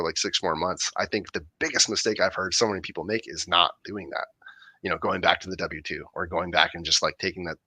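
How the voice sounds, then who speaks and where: A man co-hosting a podcast who reflects in a casual, halting way. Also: sits low, sharp tone, no echo. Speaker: podcast co-host. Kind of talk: casual chat.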